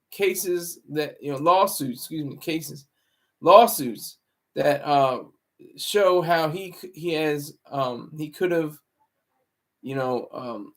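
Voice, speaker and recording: A man hosting a live stream, rambling and moralizing in casual commentary, often restarting his words. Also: a little high. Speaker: livestream commentary host.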